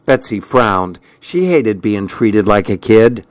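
Slow, measured male storyteller. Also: lowish voice, animated, dry recording. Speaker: narrator. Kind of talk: audiobook narration.

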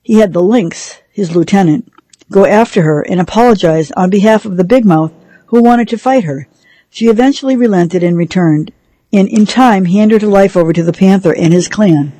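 A woman reading a novel aloud for a radio reading service, in a measured storytelling manner. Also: mid-range voice, warm tone, dry recording, poor audio. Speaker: radio reader.

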